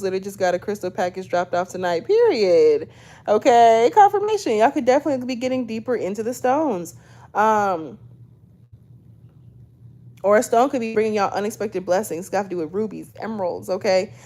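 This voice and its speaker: This tarot reader, a woman in her 20s, speaks at a medium pitch with a warm tone. Talking straight to camera in a relaxed, chatty reading, she keeps tacking "okay?" onto her lines and addresses her audience as "y'all."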